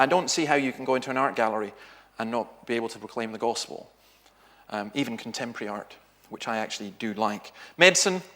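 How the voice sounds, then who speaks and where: A middle-aged man, a minister, giving a talk in a church, telling anecdotes and acting out what people said. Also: medium pitch. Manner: lively storyteller, acts out quoted voices.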